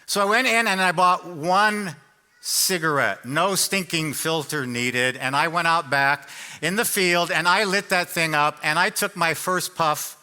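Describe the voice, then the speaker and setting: Bright-voiced male pastor preaching. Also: a little high. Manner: conversational storytelling, jokes with the congregation. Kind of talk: sermon. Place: church sanctuary.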